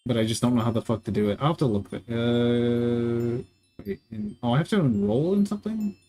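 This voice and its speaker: He speaks briskly in a warm, mid-range voice, streaming a game and bantering with viewers. The talk is casual, profane and meandering, full of jokes aimed at his live chat.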